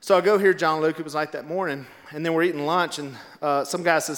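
A middle-aged man telling a casual anecdote, animated and acting out the voices of the people in it. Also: fairly high pitch, quick pace, long reverb tail. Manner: animated, acts out quoted voices. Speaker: storyteller. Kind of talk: casual anecdote, told to a laughing audience.

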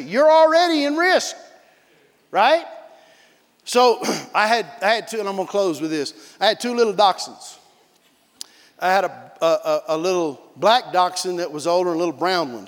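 A man with a high voice delivers a sermon from the pulpit. He tells stories in an animated way and breaks into barking imitations. The sound carries the long reverb of a large church hall. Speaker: pastor.

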